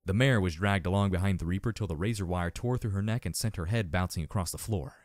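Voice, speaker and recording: A hoarse man narrating a fan audiobook in an expressive, dramatic reading. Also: sits low, fast talker, no echo, studio quality. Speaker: audiobook reader.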